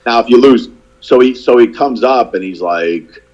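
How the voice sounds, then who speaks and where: A man's voice: mid-range voice, normal speed, a little mellow, highs cut off. A man in a casual chat over a video call, rambling and restarting his sentences and swearing casually as he talks. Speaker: podcast co-host and youth football coach.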